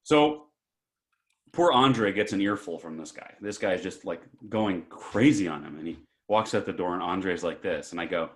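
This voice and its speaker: A man co-hosting a podcast and telling stories in an animated, casual way. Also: deep voice, moderate pace. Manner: animated, breaks into shouts and laughter while telling stories. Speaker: podcast co-host. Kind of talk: casual storytelling chat.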